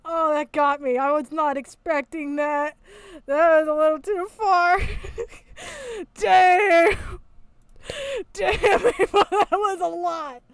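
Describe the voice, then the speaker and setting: A woman streamer giving crude, mocking commentary on a video and bursting into loud laughter. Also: very high voice, takes it slowly, no echo. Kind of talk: casual commentary.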